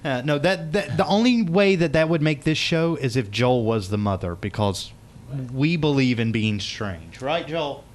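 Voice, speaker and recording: A man's voice: mid-range voice, animated, moderate pace. A man hosting a talk radio interview, playful and teasing, often laughing. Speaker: radio show host.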